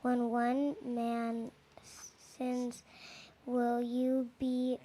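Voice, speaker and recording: A woman from the congregation reading scripture aloud, slowly and hesitantly, from some distance. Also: a little high, completely flat delivery, mellow. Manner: hesitant, halting. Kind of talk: slow careful reading aloud.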